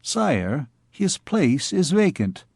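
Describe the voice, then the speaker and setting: A man's voice: on the high side, big pitch swings, slow pace, gravelly, darkish tone, breathy edge, dry recording, studio quality, exaggerated voice. A man voicing an ambitious royal courtier who speaks in a deferential, fawning manner, in an audiobook reading.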